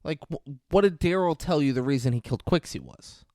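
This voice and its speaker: A man's voice: on the high side, expressive, a little fast, warm tone, dry recording, clean studio sound. A young man co-hosting a podcast, needling his co-host in casual movie-review banter.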